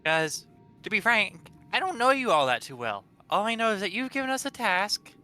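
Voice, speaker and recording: A man's voice: high-pitched, very animated, normal speed, bright, forceful tone, faint music behind, full character voice. A man voicing a blunt, distrustful female mercenary in a tabletop game, talking matter-of-factly.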